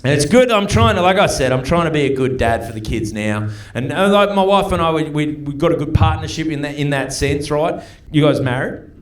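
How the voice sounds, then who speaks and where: Heard from a distance in a roomy live club with a clear echo, a forties-aged Australian comic with a fairly high voice delivers chatty, profane stand-up to the crowd. He talks briskly with lively intonation and barely pauses.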